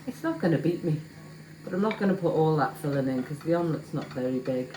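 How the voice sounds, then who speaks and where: Cooking at home for her vlog, a woman talks to her viewers in a chatty, self-mocking way. Her low, dark voice is fast with lively intonation, set in an echoey kitchen with clattering pans and slight background noise.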